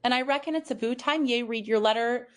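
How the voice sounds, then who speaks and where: A woman's voice: on the high side, brisk, close to an everyday voice. A woman voicing a huge, blustering male giant groundskeeper in a broad rustic dialect for an audiobook. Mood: hearty.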